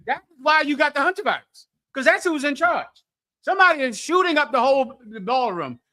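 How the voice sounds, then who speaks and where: Preacher, male, high bright voice, mocking and scolding, fiery sermon delivery. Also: lively intonation, fairly quick.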